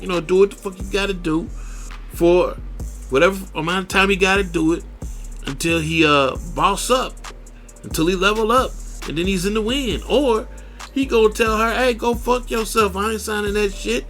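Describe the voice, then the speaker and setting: Profane preachy radio host guy, highish voice, faint music bed under him. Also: pushed and bright. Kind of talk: profane solo radio rant.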